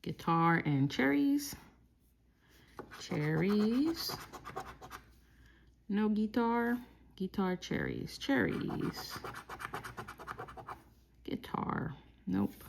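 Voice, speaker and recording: A woman from Texas calmly murmuring through lottery scratch-off tickets, slowly listing each symbol as she checks. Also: mid-range voice, creaky, background noise. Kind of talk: calm scratch-off play-by-play.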